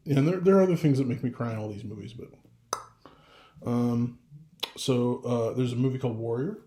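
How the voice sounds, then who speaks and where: A man's voice: medium pitch, moderate pace, pauses often, mellow, echoey room. A middle-aged father talking casually to camera, rambling with restarts and getting emotional. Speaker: vlogger.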